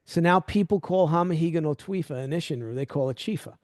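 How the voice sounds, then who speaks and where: A middle-aged man hosting a podcast, chatting casually and telling animated stories that act out quoted dialogue. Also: fairly high pitch, quick pace, no room sound, clean studio sound. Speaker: podcast host. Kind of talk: casual interview chat.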